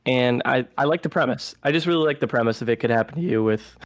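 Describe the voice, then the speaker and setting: Man, film podcast co-host, mid-pitched, dry close sound, animated, casual plot recaps. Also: quick pace, no room sound, poor audio. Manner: animated, recaps plots with acted-out quotes.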